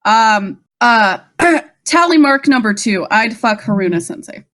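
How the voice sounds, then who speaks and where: A woman's voice: a little high, animated, a little slow, a bit bright. A woman co-hosting a casual podcast, recapping an episode with frequent laughs and swearing. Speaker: podcast co-host. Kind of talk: casual rewatch chat.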